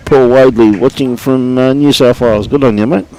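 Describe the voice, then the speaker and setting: Older Aussie bowls commentator, chatty and matey. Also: male voice, medium pitch, fairly even intonation, moderate pace, darkish tone, a little hiss or hum, poor audio. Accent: Australian. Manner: chatty and matey, greets online viewers by name, chuckles often. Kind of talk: live sports commentary. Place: outdoor bowls club green.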